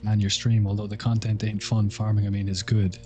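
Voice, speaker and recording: An Irish man with a mild accent chats with viewers while livestreaming a game, laid-back and talkative and thanking them as he goes. His lowish, warm voice is fairly quick yet completely flat, with faint music playing behind.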